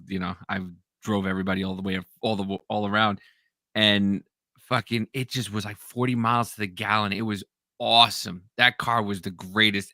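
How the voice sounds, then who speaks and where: Young man, podcast host, casual and profane, bright forceful voice, dry close sound. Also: mid-range voice, dry recording. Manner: laid-back, swears a lot, acts out quoted yelling. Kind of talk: casual chat.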